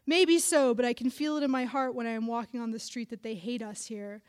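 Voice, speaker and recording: A woman's voice: on the high side, fairly even intonation, brisk, a little mellow, clean tone, natural voice. A woman playing a wary old grandfather in a read-aloud story. His blunt, broken English comes out firm and a bit raised. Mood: grumbling. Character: gruff elderly immigrant grandfather, distrustful.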